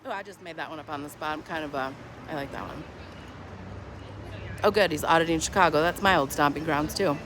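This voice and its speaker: A woman livestreams from a street protest on a handheld phone, chatting casually in a mocking, sarcastic way. Her voice is low and a little fast, with frequent pauses, and city street noise and passing traffic fill the background.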